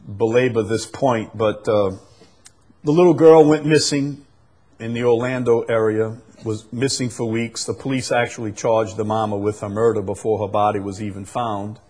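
A man preaching a sermon, swinging from loud emphatic peaks to soft low drops and stretching key words. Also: steady tone, normal speed.

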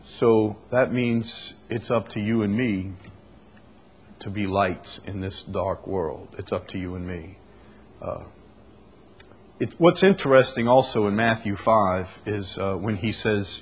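A man preaching a sermon in a conversational way, reading scripture aloud and explaining it, often clearing his throat. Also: on the low side, slow pace. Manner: conversational, with fillers and restarts, reads scripture aloud.

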